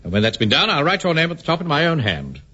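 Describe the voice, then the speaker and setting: A man's voice: on the high side, wildly swooping pitch, fast, bright, forceful tone, slightly rough, exaggerated voice. A man playing a pompous, self-important middle-aged bank manager who also leads a platoon, blustering in a radio sitcom. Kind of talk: 1970s radio sitcom acting. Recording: hissy, dull old radio recording.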